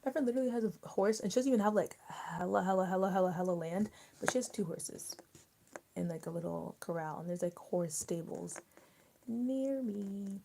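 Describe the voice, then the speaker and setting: A young woman from Maryland hosts a casual livestream, chatting to her viewers in a loose, rambling way. Her speech is full of fillers and restarts. Her voice is warm and mellow. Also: mid-range voice, normal speed, gravelly, a little hiss or hum. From Maryland, USA. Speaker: livestream host.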